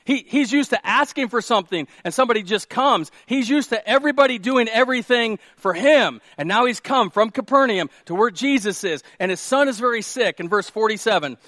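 A man, preaching a sermon with animated storytelling and questions to the congregation. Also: extremely high pitch, a little fast, hardly any pauses, no room sound, clean studio sound. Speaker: pastor.

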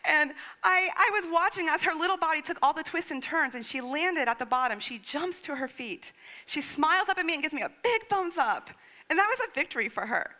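Bright high-voiced woman preaching. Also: fairly quick. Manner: storytelling, expressive, acting out her child's lines. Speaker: pastor. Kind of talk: sermon.

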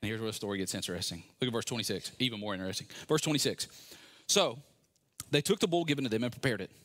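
A man's voice: on the low side, rapid-fire. A man preaching a sermon, retelling a scripture story with sarcasm and acting out the characters' lines. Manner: animated, sarcastic storytelling with acted-out quotes. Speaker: pastor.

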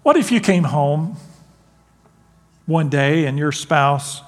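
A man preaching a sermon as pastor, animated and laughing, acting out quotes. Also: on the high side, slow, long reverb tail.

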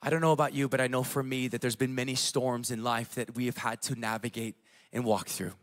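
A man in his thirties preaching a sermon as pastor, telling family stories in a casual way with fillers, dropping to a hush and then rising loud. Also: medium pitch, fairly even intonation, fairly quick. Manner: casual storytelling with fillers, swinging between hushed and loud.

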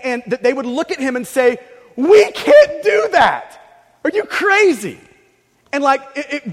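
Guy preaching, really high voice, keeps stumbling and repeating himself, long echo in a big church. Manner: earnest, stammers and repeats words. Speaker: pastor. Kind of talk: sermon. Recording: long reverb of a large hall.

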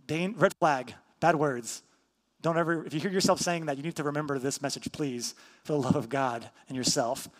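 High-voiced pastor preaching in a reverberant hall. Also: male voice, normal speed. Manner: emphatic, repetitive teaching with rhetorical questions. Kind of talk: sermon.

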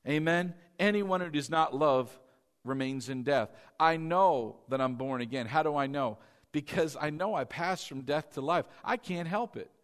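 A man preaching a sermon with a fairly high voice. He swings from fervent, shouted exhortation down to soft, confiding asides, with quick laughs in between. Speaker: pastor.

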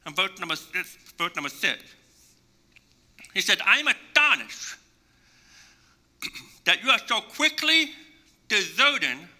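A man's voice: sits high, pushed and bright. A man preaching a sermon as pastor, emphatic and repetitive, acting out imagined conversations to make his point. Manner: emphatic preaching with repeated phrases; acts out imagined dialogue for illustration.

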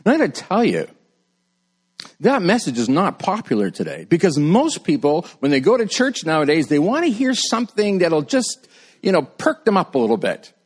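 A middle-aged male pastor preaching a sermon in a conversational way, jumping high when he quotes people and dropping low and quiet to drive a point home. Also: wildly swooping pitch, normal speed, husky.

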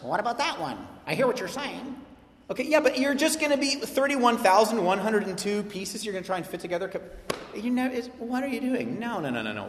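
A man's voice: high-pitched, a bit bright. A man preaching a sermon as a pastor, passionate and emphatic, acting out quoted voices. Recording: echoey hall with long reverb.

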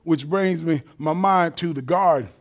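Male preacher, high voice, animated and colloquial, quiet asides to shouting. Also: unhurried. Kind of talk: sermon.

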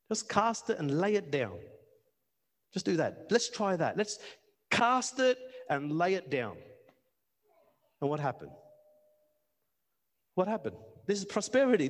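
A man preaching a passionate sermon, repeating words and building to near-shouts. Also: high voice, big pitch swings, a little slow, pauses often. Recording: long reverb of a hall.

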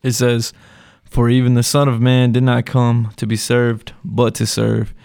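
A man's voice: medium pitch, flat delivery, normal speed, vocal fry, darkish tone, smooth, no room sound, studio quality. A male podcast co-host who reads scripture aloud and chimes in with brief affirmations.

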